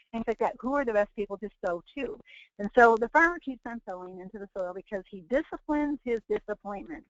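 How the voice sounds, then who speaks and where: A woman's voice: mid-range voice, expressive, fairly quick, fairly bright tone, dry recording. A woman presenting a motivational webinar, preaching with repeated phrases and acting out quoted people. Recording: muffled lo-fi webinar audio.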